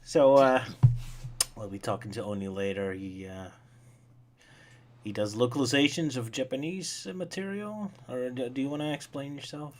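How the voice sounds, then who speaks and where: A man's voice: mid-range voice, moderate pace. A man hosting a casual live-stream chat, talkative and joking, with frequent hesitant fillers. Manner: chatty, laughs often, hesitant fillers. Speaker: podcast host.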